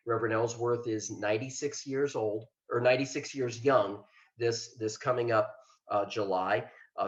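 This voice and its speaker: An older man from Ohio, a retired state trooper, giving a plainspoken, earnest talk on self-care with self-deprecating asides. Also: mid-range voice. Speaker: mental health liaison, former state trooper. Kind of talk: webinar presentation. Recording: roomy, dull lo-fi sound.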